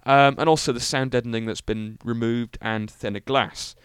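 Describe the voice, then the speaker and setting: A young British man hosts his own car podcast, rambling cheerfully and filling the gaps with ums and little jokes at his own expense. His voice is smooth and clear, at a middling pitch. It is recorded close and dry, with no room sound around it. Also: fairly even intonation, normal speed, no echo. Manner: rambling, enthusiastic, self-mocking, many fillers. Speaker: podcast host. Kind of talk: solo podcast car review.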